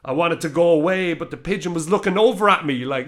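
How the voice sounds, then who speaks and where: A man in his thirties telling a story in casual chat, animated, swearing and laughing as he goes. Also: a little high, fast. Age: 30s.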